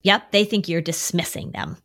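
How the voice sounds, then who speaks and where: A middle-aged woman, a therapist, talking on a podcast, animated and coaching, sometimes jumping into a high voice to mimic a child. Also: normal speed. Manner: animated, acts out worried kids in a high voice. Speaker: anxiety therapist and podcast co-host. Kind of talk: podcast conversation.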